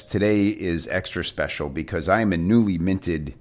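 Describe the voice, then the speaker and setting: A man's voice: low voice, normal speed. A man hosting a podcast interview from his office on a desktop mic, upbeat and enthusiastic. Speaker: podcast host. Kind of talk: remote interview. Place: home office. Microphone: desktop USB mic.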